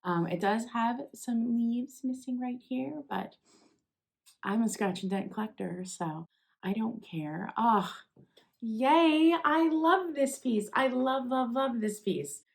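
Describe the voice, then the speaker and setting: A young woman, chatting casually as she opens packages, gushing with excited exclamations. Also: a little high, takes it slowly, creaky. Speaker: vlogger. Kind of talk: casual unboxing chat.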